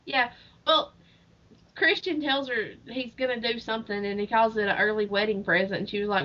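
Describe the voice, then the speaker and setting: A woman's voice: mid-range voice, moderate pace, pauses often, bright, forceful tone. A woman co-hosting a book podcast, animatedly retelling a story and laughing often. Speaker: podcast co-host. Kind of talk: casual book chat. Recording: dull lo-fi audio.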